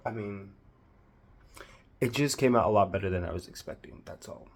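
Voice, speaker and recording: A man with a Southern US accent narrating a makeup tutorial, gushing with drawn-out exclamations. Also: lowish voice. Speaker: makeup vlogger.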